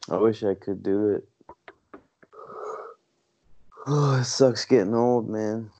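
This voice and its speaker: A man's voice: fairly low pitch, takes it slowly, warm tone, no echo. A man co-hosting a podcast in casual chat, making short, blunt, dry remarks. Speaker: podcast co-host. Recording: dull lo-fi sound.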